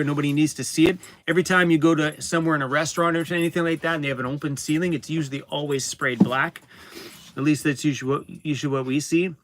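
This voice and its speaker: A man's voice: on the high side, a bit bright. A man chatting casually in a vlog, rambling a bit and repeating words. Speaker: vlogger. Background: a dog in the room.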